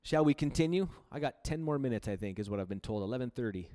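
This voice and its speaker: A man's voice: medium pitch, lively intonation, quick pace, dark tone. A man from Canada preaching a sermon, telling his own story in an earnest, confessional way. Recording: long hall reverb.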